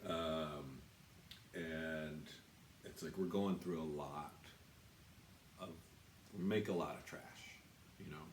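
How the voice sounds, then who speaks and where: Very deep and steady, this American tattoo artist's voice moves slowly, with long pauses, as he shows off supplies in his shop. He rambles, swears often, and jokes at his own expense during the casual walkthrough. The sound is reverberant with a little hiss or hum.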